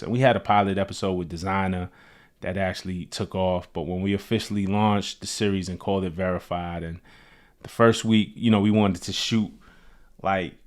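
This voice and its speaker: A man hosting a show, telling personal stories in a relaxed, loose way, full of "like" and "you know.". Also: low-pitched. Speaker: host. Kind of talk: casual storytelling.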